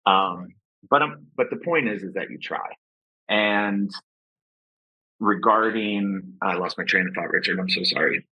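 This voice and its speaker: Low, husky-voiced man from Ohio. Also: unhurried, no echo. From Ohio, USA. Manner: chatty, self-deprecating, many fillers. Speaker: podcast guest. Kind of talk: casual interview talk. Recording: dull, slightly muffled sound.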